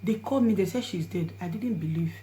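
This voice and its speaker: A woman's voice: on the low side, fast talker. Nigerian woman telling a story. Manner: swings between hushed and loud, pleading. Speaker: vlogger. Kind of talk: storytelling to camera in Pidgin.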